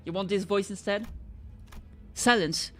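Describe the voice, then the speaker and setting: A woman's voice: medium pitch, unhurried. A woman streamer reading game dialogue aloud in a casual playthrough, joking that she can't do accents. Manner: reads dialogue aloud, jokes about not doing accents.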